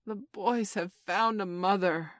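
A woman voicing a menacing male pirate captain, booming and brooding. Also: moderate pace, dark tone, dry recording, studio quality, natural voice. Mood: despairing.

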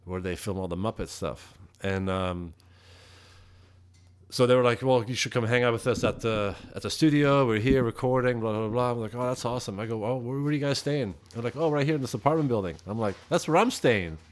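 Laid-back, profane man telling stories. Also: fairly quick. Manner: profane, laid-back, acts out quotes with rising pitch. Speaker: podcast guest, metal musician. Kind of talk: casual storytelling interview.

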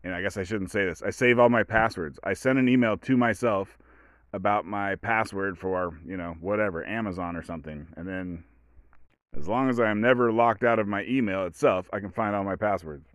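Guy rambling on his podcast, lowish voice, dead dry sound, keeps restarting himself. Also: moderate pace, no echo. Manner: rambling, self-interrupting, storytelling asides. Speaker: podcast host. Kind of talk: casual rambling monologue.

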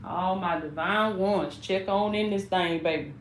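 A woman's voice: medium pitch, a little slow, slight background noise. A woman hosting a casual preaching livestream. She greets viewers over and over and calls them "baby.". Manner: warm, repetitive welcoming, calls listeners "baby". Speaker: livestream host and life coach. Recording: echoey room.

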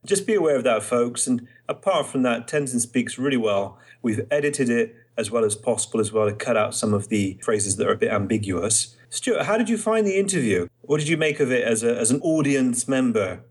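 A man's voice: medium pitch, expressive, a little fast, few pauses, slightly rough. A man hosting a podcast in casual chat, explaining things with examples. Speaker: podcast host. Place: Trieste, Italy.

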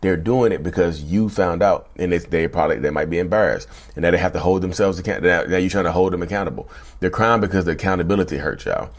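Male host, deep voice, casual to-camera chat, repetitive and folksy. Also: fast. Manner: conversational, repeats himself, addresses viewers as y'all. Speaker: channel host.

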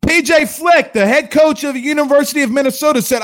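A man's voice: very high voice, fast, fairly bright tone. A man from Louisiana hosting a sports livestream, ranting in a combative, sarcastic way. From Louisiana, USA. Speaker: sports show host.

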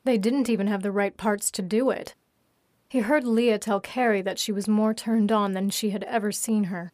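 A woman reads an audiobook in a steady, even voice. Her pitch sits in a medium range. The recording is dry and close. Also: moderate pace, no room sound. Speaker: narrator. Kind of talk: audiobook narration.

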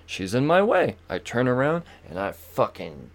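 A man's voice: mid-range voice, big pitch swings, normal speed. A young man hosting a podcast, telling a comedic story as a profane, swearing rant. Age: young adult. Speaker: podcast host.

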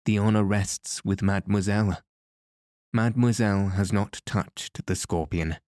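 A man reading the lines of a coldly calm, mocking masked male madman in an audiobook. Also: lowish voice, moderate pace, dry recording, clean studio sound, lightly acted.

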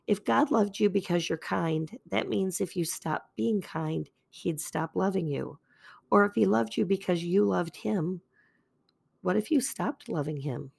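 An older woman hosting a faith podcast, talking calmly in a chatty, self-deprecating way. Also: medium pitch, measured pace, creaky, husky. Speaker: podcast host. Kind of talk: gentle faith podcast talk.

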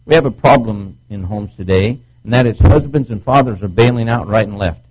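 A man's voice: on the low side, fairly quick, highs cut off, noisy background. A middle-aged male pastor preaching a sermon at a marriage retreat, acting out quoted voices as he goes. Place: marriage retreat meeting room.

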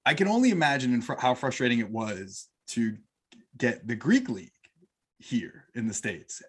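A man's voice: medium pitch, very animated, moderate pace, slightly rough. Chatty man hosting a soccer podcast. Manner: chatty, enthusiastic, building long questions. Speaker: podcast host. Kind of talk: casual interview.

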